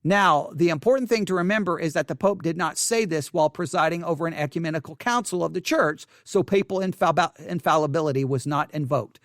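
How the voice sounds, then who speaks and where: A man with a notably high voice, recorded close and dry, works through viewer comments out loud. He talks in an animated, exasperated way, stumbling and restarting often. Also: a little fast, hardly any pauses, no echo. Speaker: channel host answering viewer comments. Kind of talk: casual commentary reading comments aloud.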